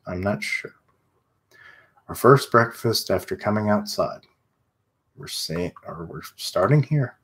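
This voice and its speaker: A man's voice: lowish voice, lively intonation, takes it slowly, long pauses, fairly bright tone, breathy edge. A man streaming live, reading a comic's dialogue aloud in a plain voice and breaking off for casual asides. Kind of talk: live read-aloud with reactions.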